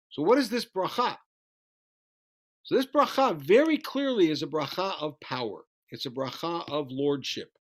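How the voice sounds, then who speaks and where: A man teaching a Bible study lesson, animated as he retells the story, reading Hebrew verses and translating them. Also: fairly high pitch. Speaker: Torah teacher.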